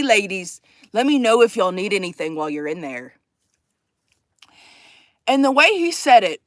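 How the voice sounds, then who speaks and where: Lively high-pitched woman vlogger. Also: no room sound. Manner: profane, animated storytelling with quoted voices. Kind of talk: casual storytime chat.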